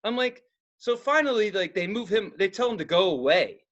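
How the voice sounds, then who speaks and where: Man, podcast co-host, profane storyteller, lively pitch, bright tone. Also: normal speed, dull audio. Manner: animated, swears constantly, acts out the people in his story.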